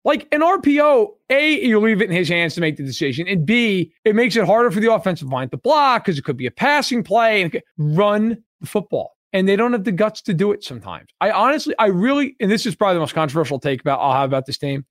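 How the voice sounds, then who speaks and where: Blunt, high-pitched man ranting. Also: sing-song, fast, few pauses, a bit bright, dry recording, studio quality. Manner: blunt, emphatic and profane, repeating points. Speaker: podcast co-host. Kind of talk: casual sports podcast discussion.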